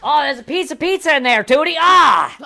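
A man imitating a young man who has inhaled helium, in a high, squeaky voice. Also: lively intonation, fairly quick, bright, forceful tone, full character voice. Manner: playful mimicking.

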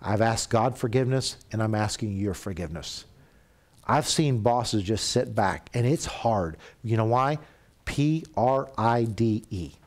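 A middle-aged man preaching a sermon in a church, telling stories and acting out quoted voices, at times dropping to a soft, confessional tone. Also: on the low side, animated, a little slow.

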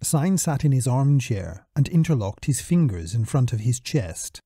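Male audiobook narrator, steady telling, lively pitch, dry close sound. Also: a little slow, few pauses, slightly rough, no room sound. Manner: steady storytelling. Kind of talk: scripted narration.

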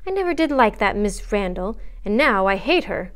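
A frank, observant young woman from a classic storybook speaks her mind to a friend, read aloud by a woman. She is earnest and gently scolding, kind underneath but unwilling to let him off easily. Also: mid-range voice, big pitch swings, normal speed, close to an everyday voice.

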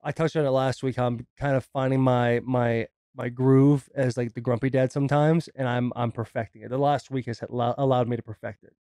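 Man, thirties, podcast co-host, joking profane banter, warm voice, dry recording. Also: medium pitch, little pitch movement, a little fast, hardly any pauses, no room sound. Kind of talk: casual podcast chat.

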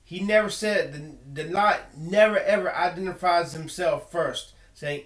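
A video blogger with a high voice delivers an earnest personal monologue at a measured pace, barely pausing, in a reverberant space. He speaks emphatically, repeating words and restarting often.

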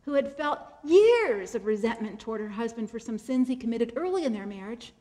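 A woman with a high, light voice gives a faith-based motivational keynote. She talks expressively and often slows and softens to land a point. She repeats her key phrases so they sink in. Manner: expressive, slows and drops to a soft voice for emphasis; repeats key phrases to drive them home. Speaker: keynote speaker.

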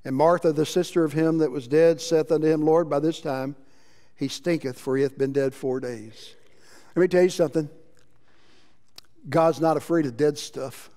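A man preaching a sermon as pastor, impassioned, moving between loud emphasis and quiet passages. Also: fairly high pitch, fairly even intonation, moderate pace. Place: church sanctuary. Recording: long reverb of a church hall.

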